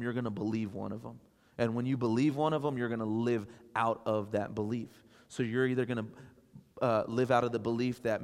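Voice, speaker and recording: A man in his thirties preaching a sermon, swinging between animated, loud passages and soft, quiet storytelling. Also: mid-range voice. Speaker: pastor. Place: church sanctuary. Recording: long hall reverb.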